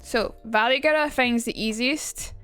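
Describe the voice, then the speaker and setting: A woman's voice: a little high, normal speed, fairly bright tone, clean tone, faint music behind. Chatty woman streaming. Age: young adult. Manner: chatty, swearing, rambling. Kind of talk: casual livestream teaching.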